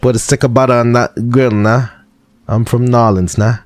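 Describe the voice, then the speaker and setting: A man's voice: mid-range voice, fairly even intonation, normal speed, no echo, clean studio sound, voice pushed up, close to an everyday voice. A man putting on a drawling New Orleans local. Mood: hammy. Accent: put-on New Orleans. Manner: exaggerated, jokey drawl. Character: folksy male Louisiana local, loud and drawling.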